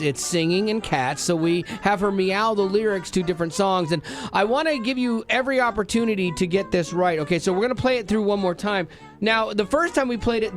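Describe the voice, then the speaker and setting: High-voiced, joking male radio host. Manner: joking, self-deprecating. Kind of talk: playful morning radio chat. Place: radio studio. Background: ukulele playing.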